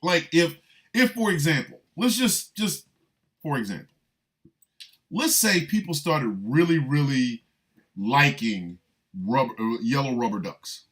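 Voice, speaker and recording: An older man hosting a radio show, riffing in an animated, rambling comic monologue full of emphatic repetition. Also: medium pitch, measured pace, long pauses.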